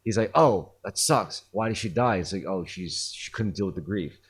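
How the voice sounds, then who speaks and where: A man's voice: low voice, brisk, husky. A man hosting a podcast, retelling a story in a rambling casual way with lots of fillers and swearing. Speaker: podcast host. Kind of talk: casual chat.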